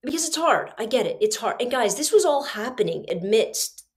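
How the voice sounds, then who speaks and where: Gravelly-voiced woman, earnest and confiding. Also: a little high, big pitch swings, moderate pace. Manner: earnest, confiding, speaks straight to listeners. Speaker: podcast host. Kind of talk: personal storytelling monologue.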